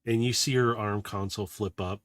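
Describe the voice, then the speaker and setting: A man running a tabletop game as game master, narrating softly and losing his voice. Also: lowish voice, steady tone, a little fast, dry recording, studio quality.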